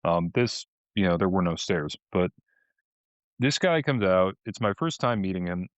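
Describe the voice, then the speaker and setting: A man's voice: low-pitched, expressive, moderate pace, no echo. A man from co-hosting a podcast, telling stories casually with lots of restarts. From Boston. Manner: rambling storytelling with frequent restarts. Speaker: podcast co-host. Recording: dull lo-fi audio.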